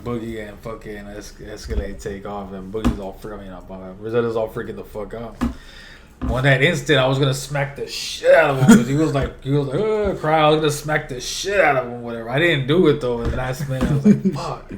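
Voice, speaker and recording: A man's voice: medium pitch, steady tone, fast talker, noisy background. A man talking as a guest actor in a casual chat, telling stories in loose slang, swearing freely and sounding laid-back.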